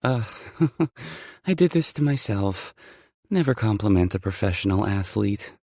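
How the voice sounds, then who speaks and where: A man reading an audiobook, voicing a playful, teasing woman with a dry, deadpan wit. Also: on the low side, a little slow, husky, dry recording, voice pushed up, heavily acted.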